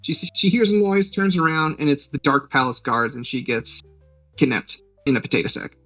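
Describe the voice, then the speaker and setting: A man's voice: a little high, animated, brisk, pushed and bright, no echo, recorded from a distance, faint music behind, rough recording. A man hosting a podcast, retelling a film's plot in a rambling, joking way with lots of fillers. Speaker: podcast host. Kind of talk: casual movie recap.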